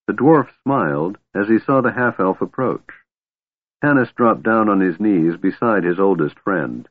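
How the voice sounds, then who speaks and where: A man narrates a fantasy story in a low, expressive voice with lively pitch movement. The recording is dry, thin and narrow, like a phone line. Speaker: audiobook narrator.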